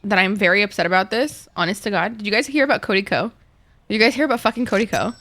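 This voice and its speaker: A woman's voice: medium pitch, quick pace, a bit bright. A woman streamer chatting casually and swearing a lot while playing a game and talking to her chat. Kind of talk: casual gaming livestream chat.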